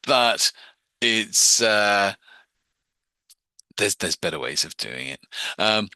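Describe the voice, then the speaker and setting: The man's voice is low yet very bright and forward as he, a hypnosis teacher, walks a group through hypnosis techniques. He's chatty and informal, repeating words and starting sentences over. It's a dry, close recording with no room around it and no echo.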